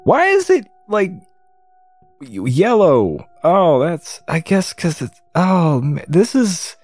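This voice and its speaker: A man's voice: a little high, big pitch swings, slow, darkish tone, no room sound, faint music behind. A man commentating while he plays a game, incredulous, swearing often and laughing at what is on screen. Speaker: gamer.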